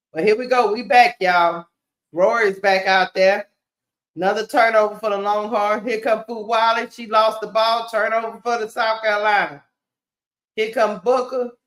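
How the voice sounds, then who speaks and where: A woman hosting a live watch-party stream, calling a basketball game play by play in a casual, animated way and talking straight to her viewers. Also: on the high side. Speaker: sports stream host. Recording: roomy echo.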